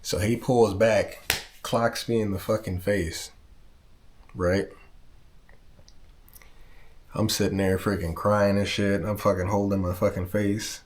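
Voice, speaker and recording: A man's voice: lowish voice, steady tone, slow pace, long pauses. A man from Southern California telling a personal story in a casual vlog, rambling, swearing and backtracking as he goes. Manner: rambling, profane, backtracks often. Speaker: vlogger.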